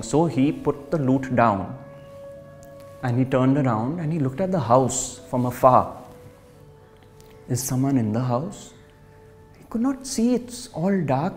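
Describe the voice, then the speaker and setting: A man giving a spiritual talk, telling jokes and anecdotes in a relaxed storytelling manner. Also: a little high. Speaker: spiritual speaker.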